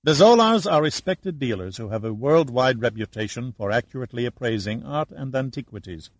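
A slick official, as a male narrator plays him, calm and impervious in every reply. His level is kept even. The recording is dry and close. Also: medium pitch, fairly quick, no echo. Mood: evasive. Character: smooth, evasive male government official.

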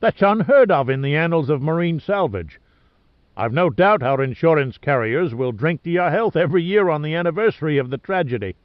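A man's voice: fairly high pitch, animated, brisk, dry recording, pitched above the performer's own voice, close to an everyday voice. A man voicing a big, ruddy male ship captain who talks in an effusive, exclaiming way. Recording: dull lo-fi dry recording.

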